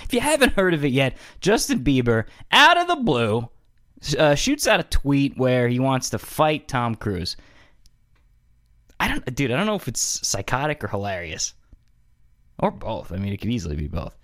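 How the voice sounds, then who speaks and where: A male podcast host riffing in a loose, comedic monologue, swearing freely. His voice swoops lively up and down as he jokes. The sound is dry and close. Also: medium pitch, moderate pace, no echo. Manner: animated, joking, swearing.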